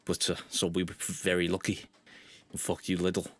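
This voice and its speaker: A man's voice: sits low, monotone, normal speed, fairly bright tone. A man voicing a smug, chatty store manager with a Liverpool accent. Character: smug middle-aged Scouse store manager.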